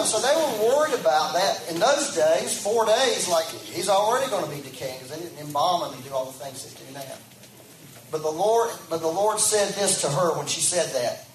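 A man's voice: a little high, very animated, fairly quick, noisy background. Man preaching a fervent sermon. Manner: conversational, repeats phrases, builds to loud fervent calls. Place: church. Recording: echoey room, from a distance, faint ambience.

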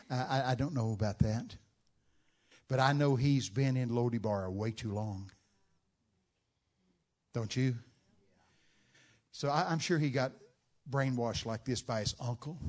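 Male preacher, dramatic storyteller, mid-pitched, full of rhetorical questions. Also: normal speed, pauses often. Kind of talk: sermon.

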